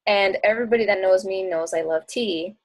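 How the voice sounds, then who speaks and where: A young travel blogger and coach answers audience questions in a casual, chatty and bubbly way, often laughing and acting out bits of dialogue. Her voice is mid-range and fairly quick.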